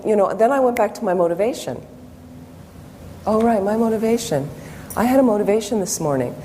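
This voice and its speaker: A woman's voice: lowish voice, warm tone. A Buddhist nun giving a public talk, telling personal stories and acting out her own inner thoughts. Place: meditation center hall. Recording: long hall reverb, faint background noise.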